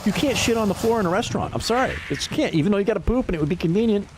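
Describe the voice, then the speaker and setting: Against a noisy background, a livestreamer in his fifties chats casually, his voice sitting high and his speech racing. He swears freely, stays animated, and laughs a great deal.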